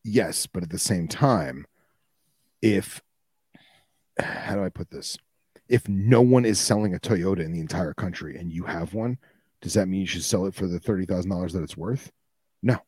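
A man's voice: low-pitched, normal speed, pauses often, darkish tone, husky, no room sound. A man co-hosting a podcast in casual chat, arguing his point firmly and acting out what other people said. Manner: argumentative, acts out quotes from others. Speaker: podcast co-host.

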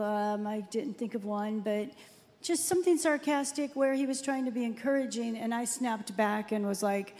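Woman, 50s, co-host; chatty storyteller, slightly high voice, long reverb. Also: darkish tone. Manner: chatty, storytelling, quick to laugh. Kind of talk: faith-based relationship talk.

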